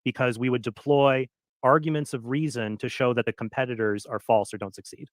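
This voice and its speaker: A man's voice: mid-range voice, steady tone, fairly quick, no room sound. A man questioning his opponent in a formal debate, probing with some hesitant fillers.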